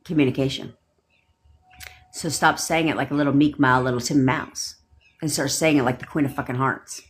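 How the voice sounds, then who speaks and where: A woman's voice: extremely low pitch, steady tone, normal speed. A woman manifestation coach on a livestream, ranting bluntly with lots of swearing and repeating commanding affirmations.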